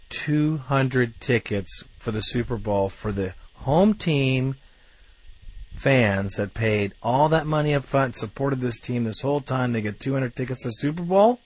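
A man's voice: mid-range voice, a little slow, breathy edge, dry recording. Guy venting about his team, blunt, cusses, gets fired up, dry sound. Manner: blunt, swears, gets heated. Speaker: fan commentator. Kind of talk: ranting video commentary.

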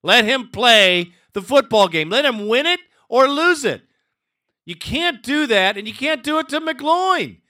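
Bright, high-voiced fired-up male host. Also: animated, unhurried. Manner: blunt, fired-up, profane. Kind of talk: sports call-in radio hosting.

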